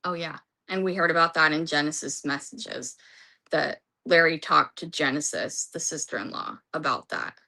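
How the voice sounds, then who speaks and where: A woman's voice: deep voice, moderate pace, creaky, pushed and bright. A woman recapping a court trial in a casual, rambling way, reading from her notes and losing her voice. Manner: rambling, restarts, reads from notes.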